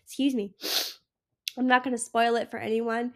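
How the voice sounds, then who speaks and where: A sick young woman hosting her own podcast, gushing and emotional in a rambling casual chat. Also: on the high side. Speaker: podcast host.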